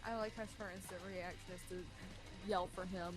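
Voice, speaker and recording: A woman's voice: fairly low pitch, steady tone, moderate pace, soft background music, rough recording. A woman narrating a visual novel playthrough with friends, reading the text aloud with wry asides.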